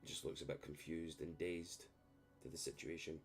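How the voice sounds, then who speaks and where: A man running a tabletop game as game master, narrating in a measured, descriptive way. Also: very deep voice, little pitch movement, soft background music.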